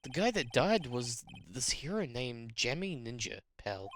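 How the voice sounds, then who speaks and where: A woman voicing a bumbling, blustering male police detective from a video game, gruff and easily flustered. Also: rumbling low, very animated, a little slow, a little hiss or hum, full character voice. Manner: gruff, flustered, says "pal".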